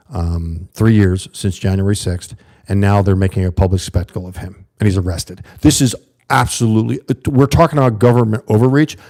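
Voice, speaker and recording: Earnest low-voiced man livestreaming. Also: a little mellow. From USA. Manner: earnest, rambling, talks to chat viewers. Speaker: livestream host. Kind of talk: casual livestream monologue.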